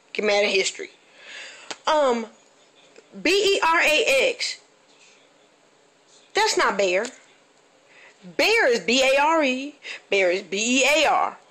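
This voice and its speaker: A woman in her thirties from the northern Midwest doing a stand-up comedy monologue. She talks in an animated, incredulous way, fires off rhetorical questions and keeps checking in with the audience. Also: on the high side. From northern United States, Midwest.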